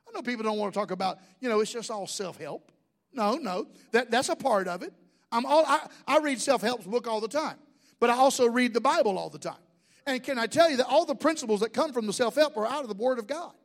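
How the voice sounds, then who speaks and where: Middle-aged male pastor with a very high voice, a folksy preacher who jokes and quizzes his congregation. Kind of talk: sermon.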